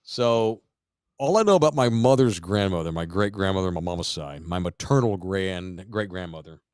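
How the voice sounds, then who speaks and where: A man's voice: lowish voice, no room sound, clean studio sound. A man in his forties from Texas, hosting a podcast and telling a family story in casual, profane chat. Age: 40s. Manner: profane, animated storyteller, shouts quoted lines. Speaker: podcast host.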